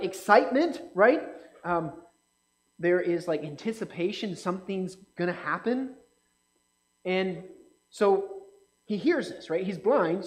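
Man, high voice, casual sermon, asks the room questions, acts out quotes. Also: low-quality recording. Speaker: pastor or Bible teacher. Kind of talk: conversational sermon. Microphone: speaking to a live group, slide on screen.

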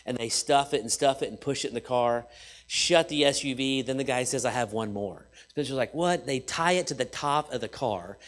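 A man preaching a sermon in an animated way, repeating phrases for emphasis and swinging from loud to hushed. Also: mid-range voice, normal speed.

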